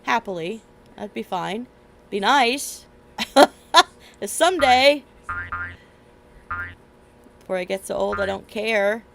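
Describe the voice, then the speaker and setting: A woman's voice: medium pitch, expressive, slow pace, vocal fry, pauses often, slight background noise. A woman streamer chatting casually and rambling while playing a game, laughing often. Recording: loud game music behind.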